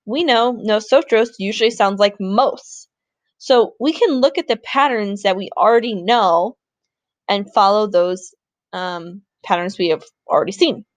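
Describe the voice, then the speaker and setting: A woman's voice: mid-range voice, unhurried, no echo. A woman Spanish teacher giving a recorded grammar lesson in an upbeat, informal way.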